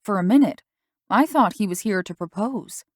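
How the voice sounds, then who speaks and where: A woman voicing a mother who gently questions her daughter, in an audiobook. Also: mid-range voice, animated, moderate pace, no echo, clean studio sound, natural voice. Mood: gentle.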